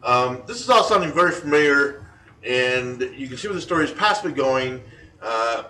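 With a lively, bright, pushed medium-pitched voice at a moderate pace, this man co-hosts a casual podcast chat. He retells folklore jokingly and ramblingly, using many fillers, captured on a distant mic in a roomy space with faint ambience.

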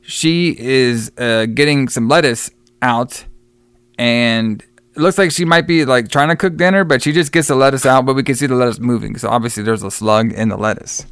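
A man in a relaxed podcast conversation, recapping scenes in a loose, rambling way and swearing freely. His voice is smooth and clear, sitting at an ordinary pitch for a man. The sound is dry and close, with no room around it. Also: normal speed, no room sound. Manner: rambling, profane, laughs often. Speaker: movie review podcast co-host. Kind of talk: casual podcast chat.

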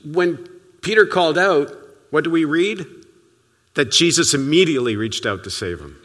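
A man preaching in a loose, storytelling manner, his voice swinging widely up and down with every point. His tone is bright and pushing, and it often sinks to near quiet. The sound rings through the long reverb of a big church hall. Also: fairly high pitch, lively intonation, moderate pace. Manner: conversational, storytelling preaching with sudden soft drops. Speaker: pastor. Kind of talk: sermon.

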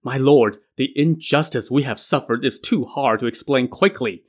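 A man's voice: mid-range voice, normal speed, natural voice. A man voicing a loyal general who pleads and argues urgently, in a told story. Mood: pleading. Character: loyal, pleading male general, a sworn brother.

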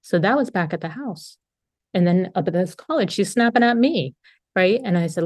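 Candid middle-aged woman, low voice. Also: lively intonation, moderate pace, darkish tone, dry recording. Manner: frank, conversational, swears freely. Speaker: speaker sharing at a recovery meeting. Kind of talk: candid personal recovery share.

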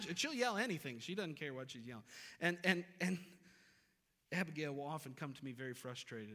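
A man's voice: on the high side, big pitch swings, brisk, sharp tone. Emphatic male pastor preaching in a reverberant hall. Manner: earnest, emphatic preaching with repeated phrases and rising stresses. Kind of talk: sermon. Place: church sanctuary.

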